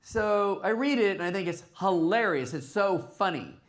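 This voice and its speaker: Male guest, animated anecdote-teller with a lively, bouncing voice. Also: sits high, moderate pace. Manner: animated, acts out dialogue, laughs often. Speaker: guest, film producer. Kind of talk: anecdotal storytelling on stage. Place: live talk in a theater.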